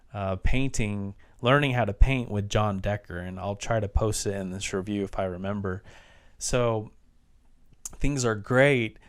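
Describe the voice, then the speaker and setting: Male film reviewer, low smooth voice, loose rambling plot recap. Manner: rambling plot recap with frequent restarts and fillers. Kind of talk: casual spoken movie review.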